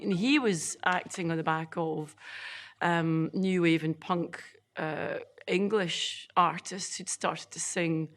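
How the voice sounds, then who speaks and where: A woman commenting on music history in a conversational way, with fillers. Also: medium pitch. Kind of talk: documentary interview.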